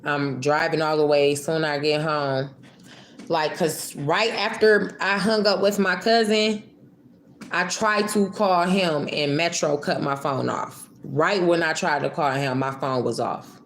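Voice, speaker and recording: Young woman vlogger, low voice, emotional rambling storyteller, profane, faint room hum. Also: unhurried. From Michigan. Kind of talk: casual storytime.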